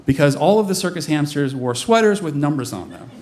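A man in his forties telling a comic personal story on stage, with a lively, animated delivery. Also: a little high, brisk, hardly any pauses, a little hiss or hum. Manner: comic, animated, mimics voices in quotes. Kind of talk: live storytelling performance. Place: stage before an audience.

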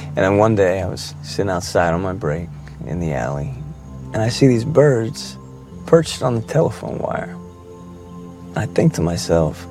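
An actor playing a calm criminal coaching his partner through a robbery, in a film clip. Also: lowish voice.

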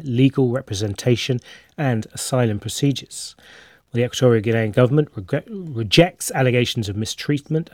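A man presenting a radio news programme, introducing stories and a guest with clear, brisk scripted delivery. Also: medium pitch, a little mellow, no room sound, clean studio sound.

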